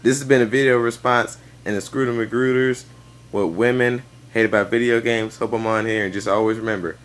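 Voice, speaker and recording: A young man giving a casual video-response rant, exasperated, jumping into high squeaky outbursts. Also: steady tone, brisk. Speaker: vlogger.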